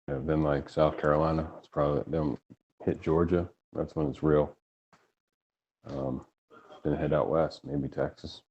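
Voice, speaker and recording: A man's voice: extremely low pitch, flat delivery, unhurried, long pauses, a little mellow, lo-fi sound, a little hiss or hum. A man from New York in a laid-back casual chat, swearing now and then.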